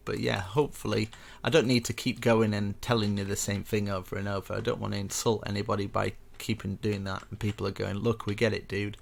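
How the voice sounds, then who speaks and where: A man's voice: fairly low pitch, flat delivery, brisk, gravelly, hardly any pauses. A young man casually walking viewers through a building tutorial step by step, chatty and rambling with self-mocking asides.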